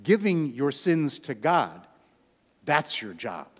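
A pastor in his sixties preaching a sermon, swinging from loud emphatic peaks down to hushed low phrases. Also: big pitch swings, slow. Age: 60s. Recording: hall reverb.

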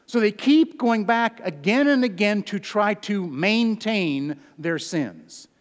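A pastor in his sixties preaching a sermon, swinging from loud emphatic peaks down to hushed low phrases. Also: animated, slow. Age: 60s. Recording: hall reverb.

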